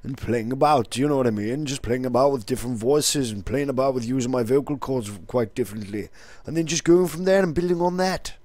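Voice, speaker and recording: A man's voice: medium pitch, a little fast, hardly any pauses, a little mellow, dry recording. A young man chatting casually and rambling on, swearing now and then. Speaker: vlogger. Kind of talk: casual vlog talk.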